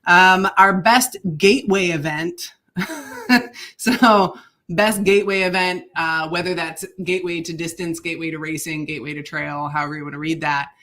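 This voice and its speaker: A woman's voice: on the low side, fairly even intonation, normal speed, a bit bright. A woman co-hosting a running podcast in casual chat, talking with many fillers and laughing often. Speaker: podcast co-host.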